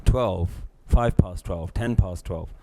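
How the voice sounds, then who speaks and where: Lively man teaching a class. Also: deep voice, slow. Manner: lively, acts out scenes and voices, laughs often. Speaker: spiritual teacher. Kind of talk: live lecture to a class.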